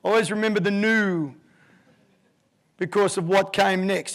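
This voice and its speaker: Man, 50s, keynote speaker; lively storyteller with a high, gravelly voice. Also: a little slow, long pauses. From Australia. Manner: vivid, animated storyteller who acts out voices.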